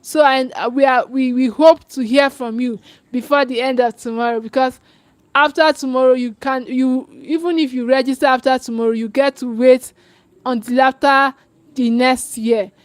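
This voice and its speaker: A woman parenting coach making an urgent live webinar pitch, her voice set high. She repeats and restarts phrases as she presses her listeners to sign up. The sound is dry and close, with no room around it. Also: steady tone, normal speed, dry recording.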